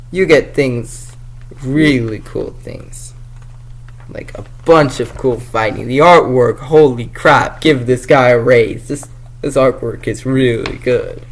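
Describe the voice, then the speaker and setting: Slow-talking excitable guy reviewing comics. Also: mid-range voice, poor audio. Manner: excitable, jokey, rambling. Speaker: comic book vlogger. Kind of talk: casual review chat.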